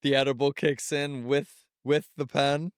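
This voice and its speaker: A man co-hosting a podcast who laughs along and teases his friend with quick questions. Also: medium pitch, flat delivery, clear, resonant tone, dry recording, clean studio sound. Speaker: podcast co-host. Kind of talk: casual chat.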